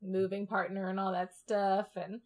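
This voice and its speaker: A woman's voice: medium pitch, little pitch movement, normal speed, darkish tone. A woman co-hosting a podcast in casual chat, bubbly and chatty with lots of filler words. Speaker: podcast co-host.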